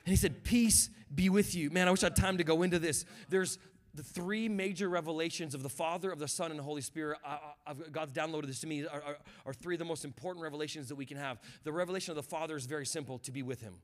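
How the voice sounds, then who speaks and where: A man preaching a sermon as guest pastor, building from quiet reflection to shouted fervor and calling on the congregation to respond. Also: fairly high pitch, fairly even intonation, rapid-fire.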